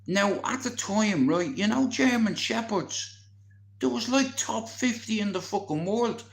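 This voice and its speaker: A man, telling a story in casual, animated chat, swearing constantly. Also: high-pitched, creaky, echoey room. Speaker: vlogger.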